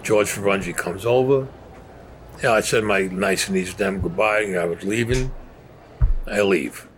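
A man's voice: fairly low pitch, normal speed, slight background noise. An older man, telling a story in a blunt, profane, streetwise way. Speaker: interviewee.

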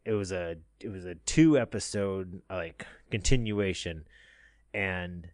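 A man's voice: deep voice, takes it slowly, a little mellow, no echo, clean studio sound. A man chatting casually as a podcast co-host, telling a long story full of fillers, restarts and easy laughs. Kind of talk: casual chat.

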